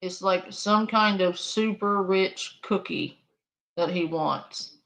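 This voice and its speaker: A woman's voice: medium pitch, slow pace, fairly bright tone. A woman streamer giving casual live reaction commentary, amused and laughing often.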